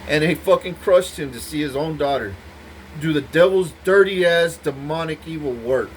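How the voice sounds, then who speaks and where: A man's voice: on the high side, normal speed, a little hiss or hum. A man giving an intense, profane, rambling monologue to the camera, repeating himself as he goes. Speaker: vlogger speaking to camera.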